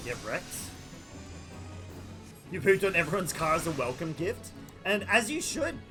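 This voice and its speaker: A man's voice: high-pitched, sing-song, a little slow, over music. An Australian man chatting casually with his viewers while streaming a game from home, greeting people by name. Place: home room.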